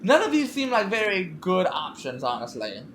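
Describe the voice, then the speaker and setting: A woman talks through a story game, musing aloud over her options. Her voice is lowish but moves around a lot in pitch. The recording has a roomy echo and a faint background hiss. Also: wildly swooping pitch, moderate pace. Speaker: gameplay commentator. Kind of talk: let's play commentary.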